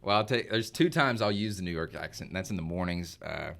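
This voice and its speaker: A young man, chatting as a podcast guest, relaxed and rambling. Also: low-pitched, fast, gravelly. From Arkansas. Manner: relaxed, rambling, laughs often. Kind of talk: casual chat.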